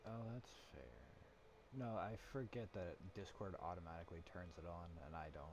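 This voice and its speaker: A man's voice: low-pitched, a little fast, dull audio, background noise. A man joking dryly with his tabletop group before the game. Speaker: player.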